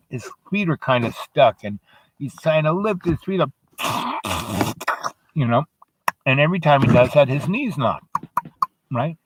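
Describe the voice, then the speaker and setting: A man's voice: mid-range voice, slight background noise. A man telling a meandering story off the cuff, with many fillers and asides. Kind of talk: rambling spoken storytelling.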